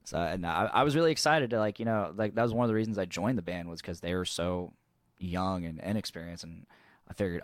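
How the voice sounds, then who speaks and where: Deep-voiced rambling man telling a story. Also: quick pace, no room sound. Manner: rambling, swears freely, restarts often, laughs at own story. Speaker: podcast co-host. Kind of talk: casual storytelling chat.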